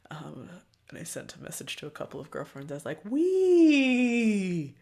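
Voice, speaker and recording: Gravelly, candid woman musing aloud. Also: deep voice, level tone, fast. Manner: candid, loose and profane, with frequent ums; often drops to a soft, breathy near-whisper. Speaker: podcast host. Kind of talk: casual spiritual reflection.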